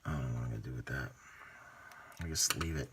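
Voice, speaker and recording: This hobby painting host has an extremely low voice and speaks fast over background noise. He chats casually to himself while painting, muttering and mumbling, often fading into murmurs and whispers.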